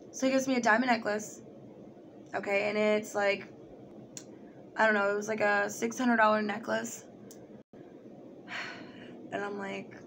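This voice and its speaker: A young woman tells a personal story straight to the camera in a loose, casual way. She is animated, swears freely and slips into other people's voices as she recounts what they said. Faint background noise sits under her voice. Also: mid-range voice, slow, long pauses. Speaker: vlogger.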